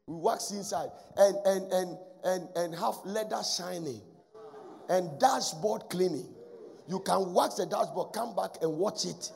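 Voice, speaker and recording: A man preaching a sermon as pastor, swinging between loud exhortation and hushed asides. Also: sits high, a little slow, gravelly, slight background noise. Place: church hall. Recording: echoey church hall with faint music. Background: faint music.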